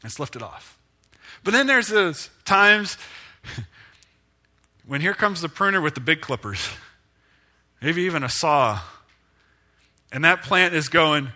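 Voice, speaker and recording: Bright-voiced male pastor preaching. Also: normal speed, long pauses. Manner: conversational and self-deprecating, with lively pitch swings. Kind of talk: sermon.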